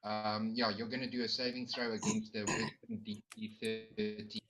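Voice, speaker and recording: A man's voice: on the low side, little pitch movement, moderate pace, noisy background. A man playing a tabletop game, rambling and restarting as he explains the rules. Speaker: player. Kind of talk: casual tabletop game chat.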